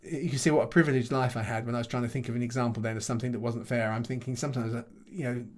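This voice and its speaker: Halting, chuckling middle-aged male pastor. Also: mid-range voice, steady tone. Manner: thoughtful, halting, many restarts and repeated words, chuckles often. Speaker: pastor and Bible teacher. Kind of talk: conversational Q&A answer after a teaching session.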